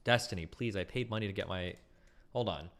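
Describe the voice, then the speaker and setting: A man hosting a live stream, commenting casually in profane, animated rants. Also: sits low, a little fast. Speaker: streamer host.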